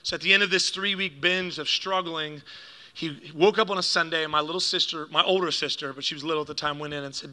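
Bright high-voiced preacher telling stories. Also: male voice, fast. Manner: animated storyteller who acts out quotes, laughs at his own jokes. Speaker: pastor.

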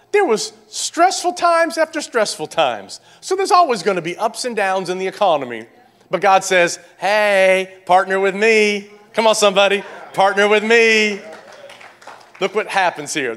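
A man preaching a sermon to his congregation, swinging from loud, animated calls to quiet, hushed pleading. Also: high voice. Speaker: pastor.

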